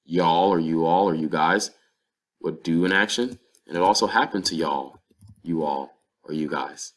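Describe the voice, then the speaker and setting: A man with a very low, deep voice teaches a language lesson. He explains things patiently and step by step, working through example phrases. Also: normal speed. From North Carolina, USA. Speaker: Spanish teacher.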